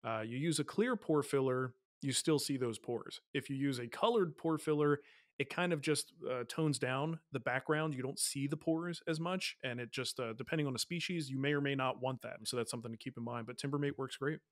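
A man's voice: mid-range voice, a little fast, dry recording, studio quality. A man co-hosting a podcast who chats and jokes. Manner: joking, chatty. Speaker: podcast co-host. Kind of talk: casual podcast chat.

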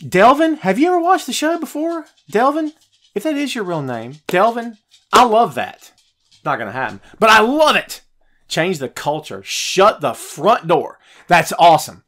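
A podcast host, a man, ranting in a heated, animated way about wrestling while reading live chat. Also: high-pitched, normal speed. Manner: animated, fired-up ranting, swings loud and soft.

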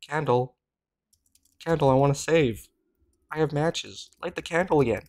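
A woman's voice: low voice, moderate pace, darkish tone. A woman narrating her gameplay with wry, joking asides. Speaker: gameplay streamer. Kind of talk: let's play commentary.

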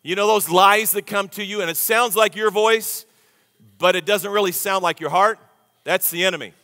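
Folksy pastor in a big echoing church. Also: male voice, sits high, moderate pace, sharp tone. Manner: folksy, conversational preaching with audience call-and-response. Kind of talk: sermon. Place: large church sanctuary. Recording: long reverb of a big church hall.

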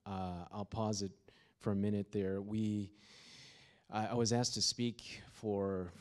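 A man preaching with a low-pitched voice. He tells his stories plainly and then builds to emphatic, fervent declarations. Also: level tone, slow pace. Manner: storytelling, rising to emphatic fervor. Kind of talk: sermon with opening prayer. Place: university chapel or hall.

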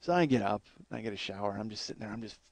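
A comedian host telling a crude personal story in a rambling, profane way, often repeating and restarting himself. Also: male voice, on the low side, lively intonation, racing, no room sound.

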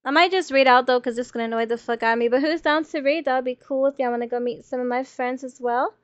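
High-voiced chatty woman streamer, swearing. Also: fast, clean tone, no echo. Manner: chatty, swears freely, thinks aloud. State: losing her voice. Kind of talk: casual gaming stream chat. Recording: dull, lo-fi stream audio.

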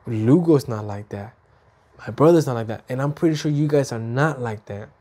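Man, 30s, from Mexico, vlog chat, mid-pitched voice, animated storyteller, repeats himself. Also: moderate pace. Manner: animated storytelling, acts out his mom and himself with big jumps up in pitch; repeats and restarts words often. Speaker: vlogger. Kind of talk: casual chat to camera.

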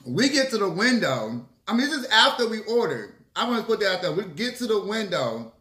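A man telling a story casually to his viewers, lively and swearing freely. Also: high voice, brisk. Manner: animated, acts out quotes, swears freely. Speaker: mukbang vlogger. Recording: echoey room.

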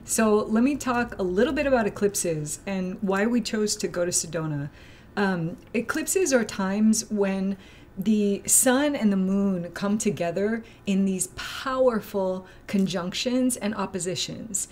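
A woman's voice: mid-range voice, expressive, measured pace, a little mellow. Chatty woman co-hosting a retreat talk. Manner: chatty, rambling with many fillers. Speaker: retreat host. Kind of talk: casual chat.

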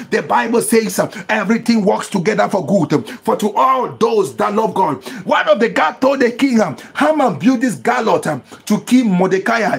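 A man's voice: high-pitched, gravelly, husky. A male pastor preaching with fervor, calling for responses from listeners and breaking into bursts of tongues. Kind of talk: impassioned sermon with speaking in tongues.

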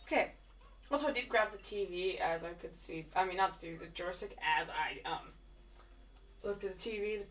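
A woman giving live commentary while she plays a game, chatty and excitable, often repeating words in quick bursts. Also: medium pitch, recorded from a distance. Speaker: gamer.

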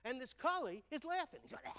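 An older man giving a stage talk, telling lively stories and checking in with the audience with "right?" and "okay?". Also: high-pitched, normal speed, big-room sound. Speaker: speaker. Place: large hall on stage.

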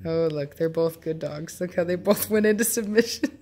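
Woman dog breeder, casual home vlog narration, slightly low pitch, amused and chatty. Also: moderate pace, dark tone, a little hiss or hum. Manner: chatty, amused, laughs often. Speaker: dog breeder filming her dogs. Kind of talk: casual running commentary. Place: home with dogs playing nearby.

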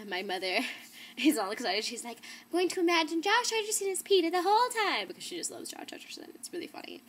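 A woman's voice: mid-range voice, a bit bright, a little hiss or hum. A young woman in her teens hosting a casual book haul vlog, bubbly and gushing, with giggles and fillers. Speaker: book vlogger. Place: indoor room, not her usual one.

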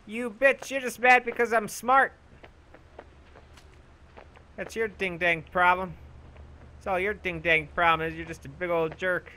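A young man commentating his own gameplay, bragging goofily about being a genius and yelling for help in mock panic. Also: high-pitched, measured pace, long pauses, a little hiss or hum. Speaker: gaming YouTuber. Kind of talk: let's play commentary.

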